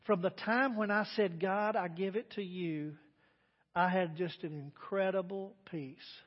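Pastor guy preaching, kinda high voice for a man, goes loud then drops quiet, sounds a bit dull and muffled. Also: steady tone, unhurried. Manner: emphatic preaching, swinging between loud declarations and quiet asides. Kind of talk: sermon. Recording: dull, reverberant church sermon recording.

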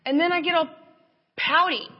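A woman giving a sermon, telling a personal story with lively, acted-out inner thoughts. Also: on the high side, normal speed, slightly rough. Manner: animated storytelling, acts out her own inner voice. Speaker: church speaker. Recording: dull lo-fi recording with long hall reverb.

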